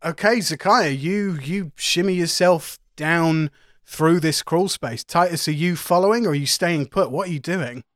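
Higher-voiced man running a tabletop game. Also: moderate pace, dry recording, clean studio sound. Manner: narrates calmly, laughs along with players. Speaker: game master.

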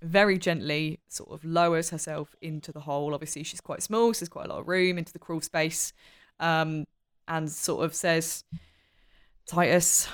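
A woman's voice: sits low, brisk, smooth. A woman playing a tabletop role-playing game, chatting casually and laughing often. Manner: giggly, playful, dips into character quotes. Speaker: player. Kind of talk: tabletop role-play chat.

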